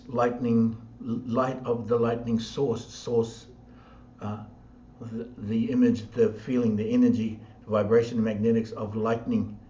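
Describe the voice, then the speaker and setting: Slow repetitive New man, echoey. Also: medium pitch, dark tone, slight background noise. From New Zealand. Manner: slow, repetitive, chant-like phrasing. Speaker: spiritual teacher. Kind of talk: spiritual talk. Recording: dull sound in an echoey room.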